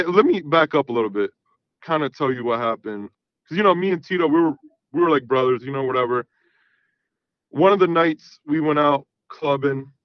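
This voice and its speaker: A man's voice: medium pitch, no echo. Man on a muffled call, rambling story. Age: 30s. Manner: rambling, repeats fillers like "you know what I mean". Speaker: caller. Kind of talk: casual storytelling on a call-in show.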